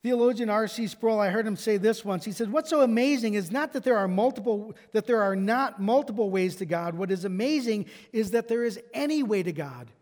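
A man's voice: sits high, lively intonation, fairly quick, few pauses, darkish tone. A man preaching a sermon as pastor, emphatic and driving home his points with repeated rhetorical questions. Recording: long reverb of a large hall.

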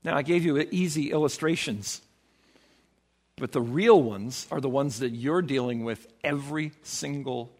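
A man preaching a sermon as pastor, emphatic, acting out quoted voices with sudden swings in pitch.

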